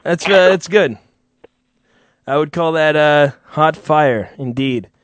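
A man's voice: a little high, takes it slowly, no room sound. A man hosting a casual comedy chat, teasing his guests and laughing often. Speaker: host.

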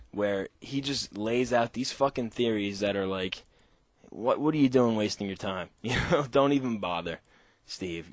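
A man's voice: on the low side, pushed and bright, dry recording. Male call-in host, loose and profane, rambles and laughs at his own jokes, dry close sound. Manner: rambling, heavy swearing, frequent laughter. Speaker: radio show host. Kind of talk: casual profane monologue.

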